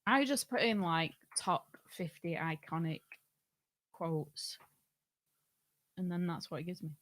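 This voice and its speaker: A woman's voice: on the low side, expressive, slow pace, a bit bright. A woman co-hosting an online quiz, talking in an easy, laid-back way. The sound is dry and close, with no room echo. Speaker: quiz co-host. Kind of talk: casual chat.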